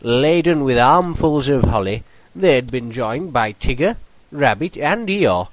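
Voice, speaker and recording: A man's voice: mid-range voice, expressive, a little slow, no room sound, low-quality recording. A British man hosting a comedy show, reading a mock storybook in an earnest bedtime-story manner.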